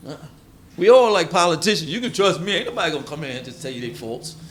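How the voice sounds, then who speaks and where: A man's voice: fairly high pitch, sing-song, fast talker, a bit bright. A man preaching in a casual, conversational way. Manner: informal, conversational, acts out quoted voices. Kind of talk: sermon teaching.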